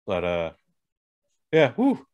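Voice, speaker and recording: A man's voice: on the low side, wildly swooping pitch, takes it slowly, a little mellow, no echo. A man co-hosting a podcast, reacting to his co-host's story and riffing on jokes. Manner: playful, riffs on jokes and reacts. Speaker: podcast co-host. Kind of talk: casual chat.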